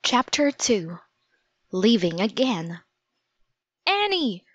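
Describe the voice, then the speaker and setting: A woman reads a children's storybook aloud in a gentle, measured way, taking her time with every sentence. Her voice sits at an ordinary middle pitch. The recording is close and dry, with a slightly dull, muffled top end. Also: no room sound. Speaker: narrator.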